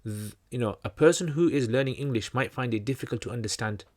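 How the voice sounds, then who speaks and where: A man's voice: mid-range voice, fast talker, darkish tone. A man hosting a livestream Q&A, teaching in a loose, conversational way, full of fillers and restarts. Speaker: channel host answering questions.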